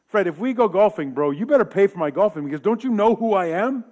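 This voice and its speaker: A man's voice: high-pitched, lively intonation, fast talker, darkish tone, voice pushed up. A man putting on the voice of a smug, entitled male pastor who demands special treatment, in a sermon. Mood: indignant. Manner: demanding, self-important.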